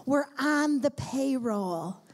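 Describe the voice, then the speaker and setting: A woman with a high, ringing voice preaches a sermon at a conference. She is emphatic and addresses the audience directly, stacking her points in long repeated lists. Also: animated, takes it slowly, darkish tone. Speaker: conference speaker. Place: conference hall before a live audience.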